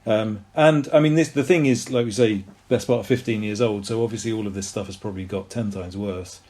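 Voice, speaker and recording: A man's voice: on the low side, fairly quick, dark tone. A man from Orpington, co-hosting a casual podcast with a wry, joking manner, often hedging his points. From England, Orpington. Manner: wry, joking, hedges with "I think" and "um". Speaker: podcast co-host. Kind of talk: casual chat.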